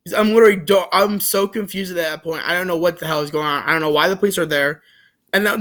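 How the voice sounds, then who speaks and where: Young man, high voice, casual storytelling, rambling, fillers and restarts, joking. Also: quick pace. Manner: joking, animated retelling. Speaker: vlogger.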